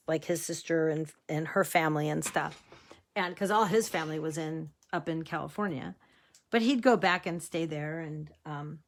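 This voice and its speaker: A woman demonstrating card making in a casual, chatty way, wandering off into stories and laughing easily. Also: lowish voice. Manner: chatty, rambling storyteller who laughs easily. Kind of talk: casual crafting tutorial chat.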